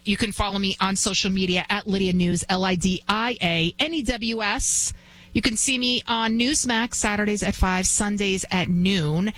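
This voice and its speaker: A woman in her forties hosting a talk radio show, telling a story in an indignant, animated way. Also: mid-range voice, rough recording. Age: 40s.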